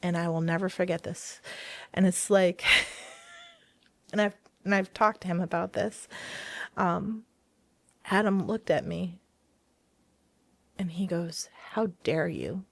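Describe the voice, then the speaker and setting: A woman's voice: on the low side, fairly even intonation, measured pace, long pauses, no room sound. A woman telling her personal story of faith as a guest in an interview, earnest and hesitant, often restarting her sentences. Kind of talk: personal testimony in a podcast interview.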